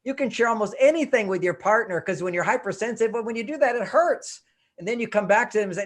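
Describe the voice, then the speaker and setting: Fast-talking and high-pitched, the older counselor describes his relationship techniques in an interview. He's a lively storyteller who performs small scenes as he goes.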